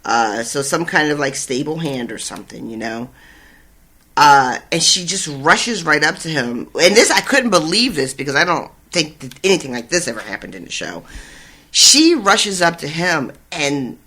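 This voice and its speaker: Podcast host recapping a book, bright sharp voice, cusses a lot, pretty worked up. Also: medium pitch. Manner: excited, swears freely, fast recaps. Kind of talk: casual chat recapping a book.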